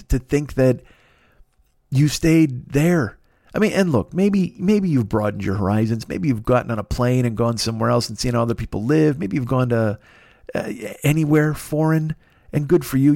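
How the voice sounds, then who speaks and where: A man's voice: medium pitch, a little mellow, no room sound, studio quality. A middle-aged man from Illinois delivering a profane, rambling comic monologue full of hypothetical scenarios.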